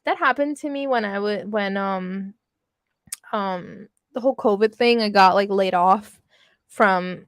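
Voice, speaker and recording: A woman's voice: medium pitch, unhurried, dry recording, clean studio sound. A young woman chatting casually with her livestream audience, laughing often and swearing freely. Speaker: livestream host reading with chat. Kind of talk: casual chat.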